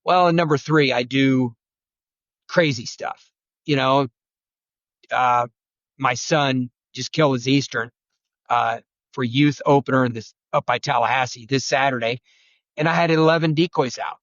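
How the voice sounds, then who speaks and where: A man who is a guest turkey-hunting expert, telling rambling, animated stories and acting out quotes. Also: mid-range voice, a little slow, long pauses, no echo, highs cut off. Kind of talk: storytelling conversation.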